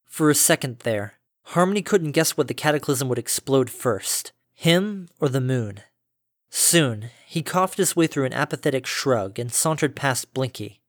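A man's voice: mid-range voice, animated, a little slow, no echo, studio quality. Man reading a story aloud. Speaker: reader. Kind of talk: fan fiction reading.

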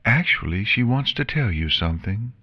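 A man voicing a soft-spoken, reassuring princess pony in a storybook reading. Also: fairly low pitch, animated, moderate pace, voice pushed up, full character voice. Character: gentle regal female pony princess.

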